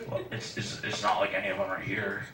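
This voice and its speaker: A young man doing a stand-up set in a small comedy café, with a deadpan, slow and awkward delivery. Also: fairly low pitch, noisy background. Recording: roomy club sound from far off, audience.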